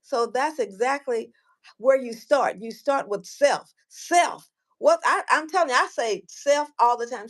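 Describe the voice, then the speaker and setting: A woman guest and author telling stories casually, animated, acting out quoted voices and repeating words as she goes. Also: a little high, unhurried. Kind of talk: casual storytelling.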